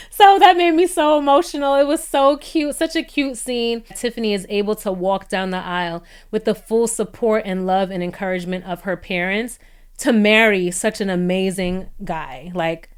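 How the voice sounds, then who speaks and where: Recapping a reality show, a chatty young woman stays animated and casual, laughing a lot and slipping into higher-pitched voices for reactions, all in a clean tone.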